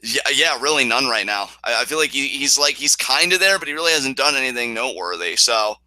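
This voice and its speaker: Man, podcast co-host, casual wrestling chat, excitable, crisp bright tone, dry close sound. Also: medium pitch, fairly quick, dry recording, low-quality recording. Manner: excitable, swears, acts out what wrestlers said.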